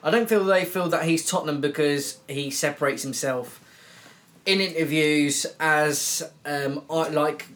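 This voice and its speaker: A man co-hosting a casual football podcast, speaking in a measured, plain way. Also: on the high side, a bit bright. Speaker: podcast co-host.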